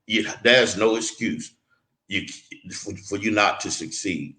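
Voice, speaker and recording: A man's voice: fairly low pitch, unhurried, sharp tone, echoey room, poor audio. A man interviewed as a mentor, talking earnestly and emphatically, often restarting and repeating words. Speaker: guest mentor.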